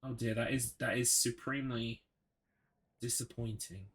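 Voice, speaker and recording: A man's voice: medium pitch, little pitch movement, moderate pace, fairly bright tone, a little hiss or hum. A young man streaming a horror game, ranting sarcastically and swearing as he gets frustrated. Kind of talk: live gameplay commentary.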